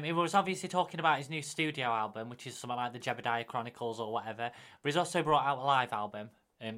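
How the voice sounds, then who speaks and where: A man hosting a comedy podcast with a dry, dismissive deadpan. He hesitates often with ums, and his voice sits at an ordinary mid pitch. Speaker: podcast host.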